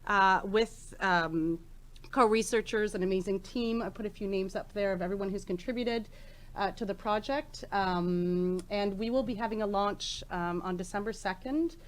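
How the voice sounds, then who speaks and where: A woman's voice: mid-range voice, moderate pace. A woman in her forties presenting research at a conference in a chatty, informal way, with many ums and restarts, on a microphone in a conference room. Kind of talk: conference talk. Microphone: handheld microphone.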